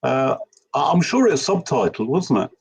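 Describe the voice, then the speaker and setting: A man's voice: medium pitch, very animated, moderate pace, gravelly, husky. A man chatting casually on a livestream panel, friendly and encouraging, with hesitant restarts. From United Kingdom. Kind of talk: casual chat.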